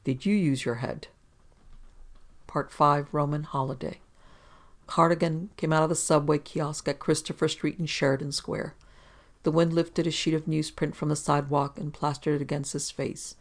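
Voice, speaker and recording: An audiobook narrator reading a pulp detective story in a steady storytelling manner. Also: medium pitch, moderate pace. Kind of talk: scripted narration.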